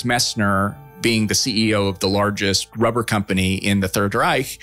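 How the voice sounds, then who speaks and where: A man's voice: on the low side, fairly bright tone. Conversational man explaining plainly. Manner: plain, conversational, some restarts. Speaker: former intelligence officer interviewee. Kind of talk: interview explanation.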